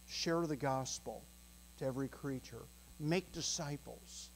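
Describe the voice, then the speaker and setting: A male pastor preaching a sermon in a church, earnest and emphatic, chuckling softly now and then and moving between slow, weighty phrases and quick bursts. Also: medium pitch, slight background noise, low-quality recording. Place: church sanctuary.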